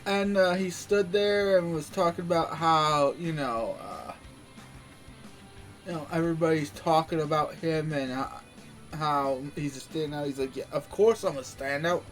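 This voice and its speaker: A man's voice: a little high, unhurried, fairly bright tone, faint music behind. A man giving a casual, rambling wrestling recap, full of fillers and restarts.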